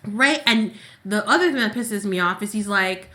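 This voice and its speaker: Animated, ranting woman with a bright voice. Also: medium pitch, normal speed. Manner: animated, exasperated, talks in long run-on rants. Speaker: podcast co-host. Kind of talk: casual soap opera recap chat.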